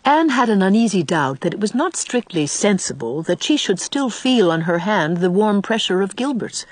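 A woman narrating an audiobook in a measured, expressive reading voice. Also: mid-range voice, no echo. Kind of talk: scripted narration.

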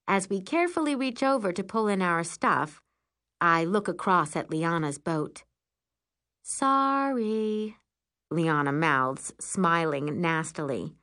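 A woman narrating a first-person storybook in an expressive, lively way. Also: fairly low pitch, measured pace.

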